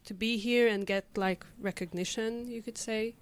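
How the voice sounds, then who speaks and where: A woman's voice: on the high side, fairly even intonation, normal speed, smooth. A young woman from Hungary, a community radio member, chatting casually and hesitantly with many fillers. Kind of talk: casual conversation.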